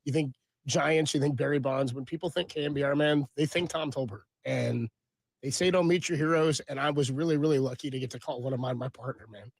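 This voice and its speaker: A man in his thirties, a radio co-host, speaking in a halting, choked-up way. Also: mid-range voice, fairly even intonation, vocal fry, husky, no room sound.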